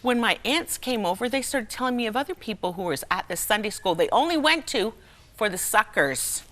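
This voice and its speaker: Woman, talk show guest, storyteller, lively pitch, bright tone. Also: a little fast. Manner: lively storyteller, acts out quoted voices, laughs often. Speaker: guest speaker and humorist. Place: television studio.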